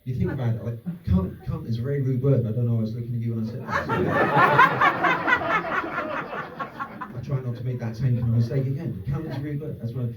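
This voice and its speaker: A man's voice: fairly high pitch, fairly bright tone. A man doing a stand-up comedy set to a live audience, sarcastic and sweary with rambling asides. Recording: roomy distant dull club recording.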